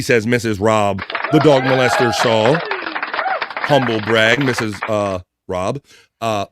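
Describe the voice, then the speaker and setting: A man's voice: lowish voice, heavy background noise. A man hosting a casual livestream, reading viewer comments aloud with crude, jokey banter and frequent laughs. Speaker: livestream host.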